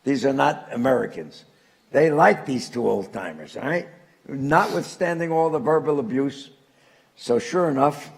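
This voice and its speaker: A man's voice: mid-range voice, gravelly. An older man from Newark, telling anecdotes to a live audience as a guest speaker. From Newark, New Jersey. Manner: animated anecdotal storyteller, chuckling punchlines.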